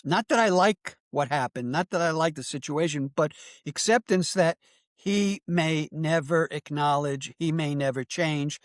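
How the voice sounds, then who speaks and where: Older male guest, teacherly and emphatic; higher-pitched, dry close sound. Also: no echo. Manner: earnest, emphatic, teacherly with tag questions. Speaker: psychologist and author guest. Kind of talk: interview answers, explanatory.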